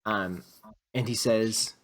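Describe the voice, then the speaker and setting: A man's voice: lowish voice, steady tone, slow pace, slight background noise. A man narrating a tabletop game as game master, rambling and restarting often. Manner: rambling, with many fillers and restarts.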